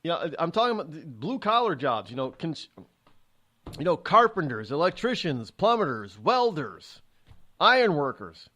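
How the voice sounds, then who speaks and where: This radio talk show host is a middle-aged man whose voice runs fairly high and a little slow. Animated and sarcastic, he delivers an opinionated monologue, slipping into the voices of those he quotes.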